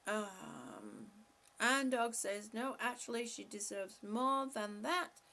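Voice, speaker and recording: A woman's voice: on the high side, animated, takes it slowly, gravelly, sharp tone. A woman reading viewer comments aloud on a live stream and answering them in a chatty way, laughing often. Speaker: vlogger reading live chat. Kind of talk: casual live-stream chat.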